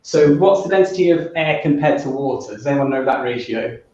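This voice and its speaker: This British man's physics workshop lecture is full of restarts and audience quizzing as he thinks aloud. He speaks briskly and animatedly in a mid-range, darkish voice, captured from a distance in a dull, echoey hall.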